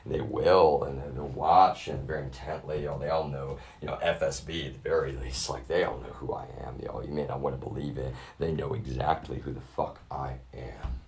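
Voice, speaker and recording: A man's voice: very deep voice, fairly even intonation, moderate pace, few pauses, a little hiss or hum. A man livestreaming a profane, rambling rant, talking to his chat as "y'all" in an agitated way. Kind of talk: ranting live stream monologue.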